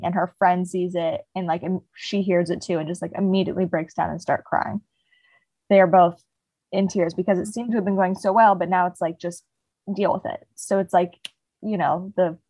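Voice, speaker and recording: On a poor, dry recording, a young podcast co-host with a fairly low, darkish voice chats casually about a book. Her rambling plot summary leans heavily on the word "like."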